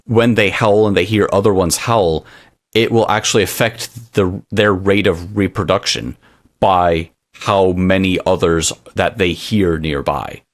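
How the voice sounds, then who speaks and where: A man's voice: deep voice, measured pace. A man co-hosting a podcast, talking casually and sarcastically, acting out little voices for what dogs might be thinking. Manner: animated, sarcastic, acts out dog thoughts in voices. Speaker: podcast co-host. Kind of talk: casual chat.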